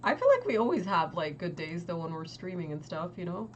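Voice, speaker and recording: A young woman hosting a trading livestream, talking casually and quickly to her chat with lots of "like" and exasperated asides. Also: lowish voice, very animated, a little hiss or hum. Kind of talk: casual market commentary to chat.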